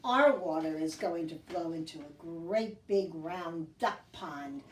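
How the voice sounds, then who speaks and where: A woman leading a children's sing-along and story time, speaking gently in a sing-song way to young kids. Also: lowish voice, takes it slowly. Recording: echoey room, mic at a distance, guitar.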